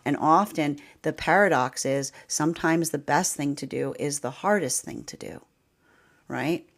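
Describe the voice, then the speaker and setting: Woman tarot reader, deep voice, chatty, lots of "like" and "right?", laughs often. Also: unhurried. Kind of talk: casual spiritual talk.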